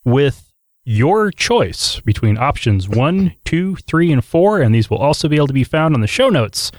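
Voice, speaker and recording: A man's voice: fairly high pitch, sing-song, normal speed, a little mellow, dry recording. A man hosting a podcast in casual chat, joking and talking with frequent fillers into a studio mic. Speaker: podcast host.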